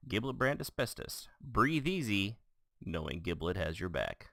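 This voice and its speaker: A man playing a male announcer in a fantasy-themed spoof advertisement, pitching it deadpan. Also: a little slow, vocal fry, dry recording, heavily acted. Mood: mock sales pitch.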